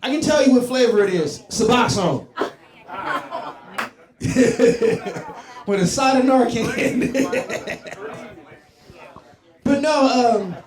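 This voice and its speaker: High-voiced man doing stand-up comedy. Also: extremely slow, long pauses. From Columbus, Ohio. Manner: loose, profane, rambling banter with the crowd. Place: comedy club stage. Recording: echoey club with crowd laughter.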